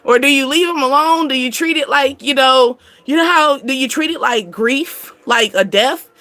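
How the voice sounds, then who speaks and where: A woman's voice: sits high, moderate pace, sharp tone. A woman giving a casual spiritual reading to her viewers, chatty and slangy, laughing often and talking straight to them. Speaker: spiritual reader and channel host.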